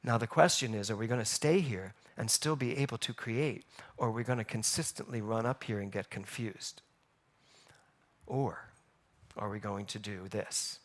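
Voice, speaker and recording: A man preaching a sermon as pastor, telling stories and asking the congregation questions in a lively way. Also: on the low side, normal speed, long pauses. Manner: animated storytelling, rhetorical questions. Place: church sanctuary.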